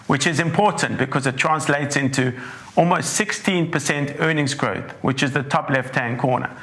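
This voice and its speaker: A man, a portfolio manager with a croaky, hoarse throat, giving a measured webinar presentation that walks through charts. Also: on the high side, a bit bright. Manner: measured, leans on "importantly", walks through slides.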